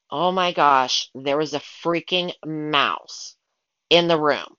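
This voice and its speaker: Woman, casual storyteller, animated, dramatic asides, dry room, slightly muffled sound. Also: deep voice, slow pace, clean tone, no room sound. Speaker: pet sitter telling stories.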